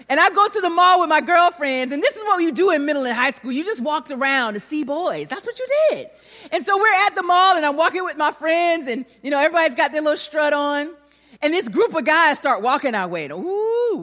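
A woman preaching a sermon, telling a personal story and acting out the voices of the people in it. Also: sits high. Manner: animated, acts out voices in her story. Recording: long hall reverb.

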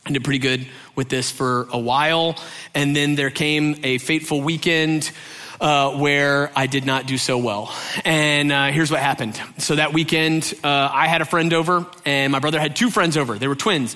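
A man's voice: a little high, moderate pace. A man from Georgia in the US telling a humorous personal anecdote, acting out the voices of the people in it and often adding "right?". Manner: animated, acts out quoted voices, frequent "right?" asides. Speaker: storyteller.

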